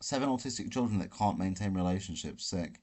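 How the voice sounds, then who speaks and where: A man's voice: lowish voice, lively intonation, normal speed. Brash, profane man ranting. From Britain. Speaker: livestream host. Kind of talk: live Q&A, answering chat questions. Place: hotel room.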